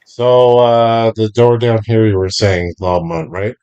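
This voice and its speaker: A man running a tabletop game as game master, describing scenes slowly and deliberately. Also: on the low side, dark tone, smooth, lo-fi sound.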